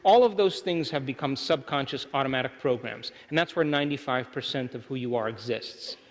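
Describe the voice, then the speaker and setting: Addressing an audience in a large hall, a middle-aged man leads a workshop with emphasis, repeatedly asking listeners to agree. His pitch is medium and his pace fairly quick. Reverb from the hall colors this live-venue recording.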